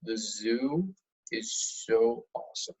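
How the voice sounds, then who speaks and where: A man's voice: mid-range voice, slow, breathy edge, low-quality recording. A young man chatting casually and jokily about old memories. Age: young adult. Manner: laid-back, jokey, animated when retelling. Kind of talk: casual reminiscing chat.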